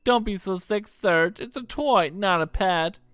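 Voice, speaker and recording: A man's voice: high-pitched, measured pace, clear, resonant tone, dry recording, studio quality, voice pushed up. A man putting on a brash young female thief. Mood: scolding. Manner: cocky, slangy, drops into shouts of rage. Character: brash young female thief with a rough Australian-style twang.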